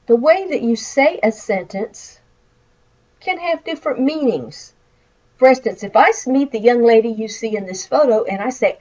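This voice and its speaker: A woman's voice: fairly high pitch, expressive, normal speed, a little mellow, dull audio. A woman with a Southern American accent, a college instructor giving a recorded lecture over slides and explaining with acted example phrases. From Midwestern United States.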